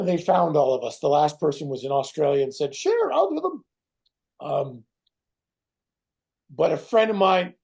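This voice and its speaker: A middle-aged man, a guest actor in a casual interview who tells animated stories, swears and acts out other people's voices. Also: fairly high pitch, creaky, slightly rough. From Canada.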